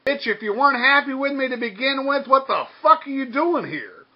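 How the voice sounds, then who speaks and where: A man's voice: very high-pitched, lively intonation, moderate pace, muffled recording. A man delivering a blunt, heated, profanity-filled rant as a vlogger. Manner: blunt, crude, heated, swears constantly. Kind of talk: profane ranting monologue.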